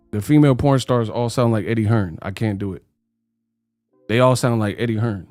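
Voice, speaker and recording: A man's voice: lowish voice, steady tone, moderate pace, a little mellow, no room sound, faint music behind. A man hosting a live boxing talk stream in loose, slangy, joking chat, drifting into mock British voices. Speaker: host. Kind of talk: casual livestream chat.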